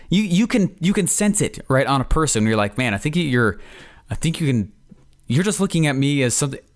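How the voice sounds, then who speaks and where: A man hosting a podcast, telling stories in a rambling, opinionated, casual way. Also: mid-range voice. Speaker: podcast host.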